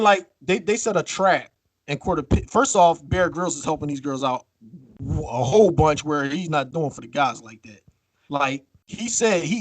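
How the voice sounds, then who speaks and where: A man co-hosting a podcast in casual chat, telling a story with lively acted-out quotes and free swearing. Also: on the high side, no echo. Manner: animated storytelling, acts out quotes, swears freely. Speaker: podcast co-host.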